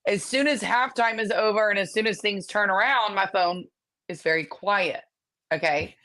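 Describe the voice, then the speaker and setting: A woman co-hosting a sports podcast, telling a story in a sassy, animated way. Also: medium pitch, normal speed. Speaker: podcast co-host.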